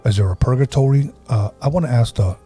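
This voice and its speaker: Man, podcast host, mellow and husky voice, relaxed storyteller, faint music behind. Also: mid-range voice, quick pace. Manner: takes calls from listeners. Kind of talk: casual paranormal podcast storytelling.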